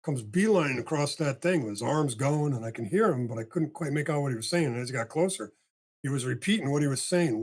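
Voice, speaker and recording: An older man with a husky, slightly breathy voice tells a story as a podcast guest. He is animated and acts out each line of dialogue, with casual swearing. His pitch sits in a middle range for a man. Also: fast.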